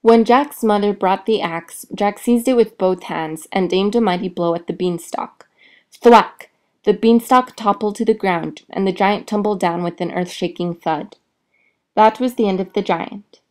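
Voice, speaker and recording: A woman's voice: mid-range voice, normal speed, darkish tone. Woman reading a fairy tale aloud. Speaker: storyteller.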